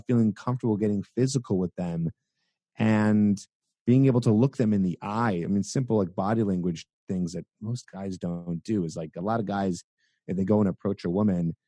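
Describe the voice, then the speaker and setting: A young adult man on a podcast, a dating coach explaining his tips with energy and sometimes acting out examples. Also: no room sound. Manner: energetic, acts out examples in a high goofy voice.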